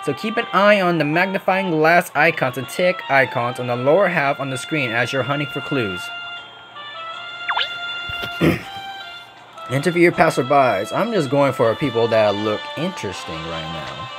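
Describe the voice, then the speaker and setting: A man's voice: medium pitch, expressive, normal speed, hardly any pauses, music in the background. A man hosting a casual let's play, reading game text aloud with joking asides. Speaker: gaming channel host.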